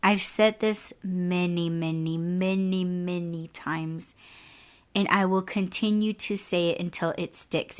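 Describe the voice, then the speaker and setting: Smooth-voiced woman, frank podcast storyteller. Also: on the low side, fairly even intonation, unhurried. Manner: frank and candid, heavy use of like and you know. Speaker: podcast host. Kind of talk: casual personal storytelling.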